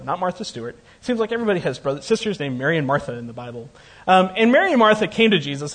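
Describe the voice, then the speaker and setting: Husky-voiced man preaching a sermon. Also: a little high, fairly bright tone. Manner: conversational, joking asides.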